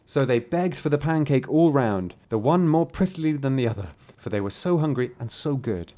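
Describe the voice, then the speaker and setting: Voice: mid-range voice, expressive, normal speed, few pauses, warm tone. A podcast host reading an old folk tale aloud with playful, giggly asides. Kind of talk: storytelling with banter.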